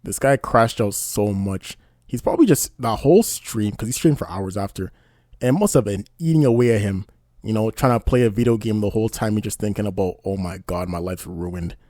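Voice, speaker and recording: Man, casual commentary, indignant, rambling, quick, dry recording. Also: on the low side, expressive, darkish tone, no echo. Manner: indignant, rambling, repeats "you know what I mean". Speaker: commentary YouTuber.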